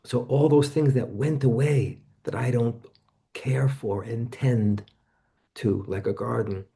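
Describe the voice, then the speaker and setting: Slow and warm with some vocal fry, this seventy-something man is a guest in an interview. Telling personal stories in a reflective, chatty way, he mimics voices from memory, his pitch jumping abruptly.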